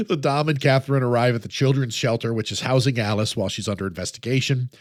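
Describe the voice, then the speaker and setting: A man's voice: medium pitch, a little fast, dry recording. Laid-back male podcast co-host, dry sound. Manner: laughs often, recaps plot in a relaxed way. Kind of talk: casual chat recapping a film.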